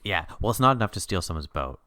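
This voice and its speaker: A man co-hosting a podcast, chatting about a TV miniseries in an animated way, laughing often with sudden upward jumps in pitch. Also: fast talker, dry recording, studio quality. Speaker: podcast co-host. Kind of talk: casual chat recapping a TV miniseries.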